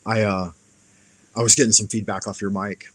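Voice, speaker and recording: A man's voice: fairly low pitch, brisk. A man hosting a live stream, casually telling a profane fight story and acting out the lines of the people in it. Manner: profane, animated anecdote-telling with acted-out quotes.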